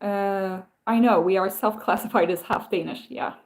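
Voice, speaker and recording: A woman hosts a casual live stream with a voice of ordinary pitch. She rambles through her stories, often stops and starts her sentences again, and turns to read and answer viewer comments. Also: normal speed. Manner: rambling, self-interrupting storytelling with many restarts.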